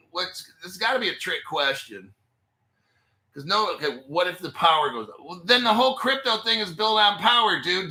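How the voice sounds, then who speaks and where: A man's voice: high-pitched, bright, forceful tone. A man hosting a crypto channel, talking in a casual, blunt and exasperated way straight to his viewers as he works at his computer. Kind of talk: casual livestream commentary.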